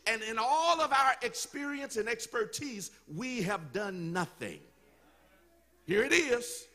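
A man preaching a sermon in a church, telling the story with animated call-and-response to the congregation. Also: very high-pitched, slow. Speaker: pastor.

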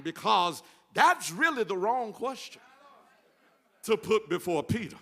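A male pastor preaching a sermon in a church, building from quiet talk to rhythmic, shouted refrains. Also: high voice, very animated, a little slow, gravelly. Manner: rhythmic call-and-response preaching, rising to shouts. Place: church sanctuary.

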